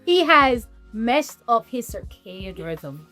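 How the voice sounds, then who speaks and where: A woman from Jamaica chatting casually in a reaction video, excitable and quick to laugh. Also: fairly high pitch, soft background music. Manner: excitable, laughing, mock-dramatic quoting.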